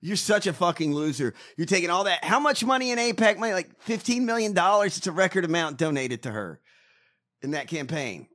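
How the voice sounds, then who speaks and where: A man's voice: sits high, big pitch swings, fairly quick, fairly bright tone. A man giving casual political commentary in a blunt, mocking way, swearing freely. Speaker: podcast co-host.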